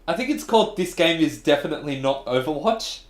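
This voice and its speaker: A man co-hosting a gaming podcast, telling stories in an animated, casual way with some swearing. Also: fairly high pitch. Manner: animated storytelling, swearing, quick asides. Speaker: podcast co-host. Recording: echoey room.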